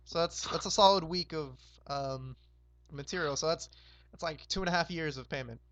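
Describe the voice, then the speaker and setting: A hoarse young man hosting a roleplay game, casually recapping the map in a rambling, laid-back way with lots of fillers. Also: a little high, moderate pace, a bit bright, dry recording. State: hoarse, sore throat.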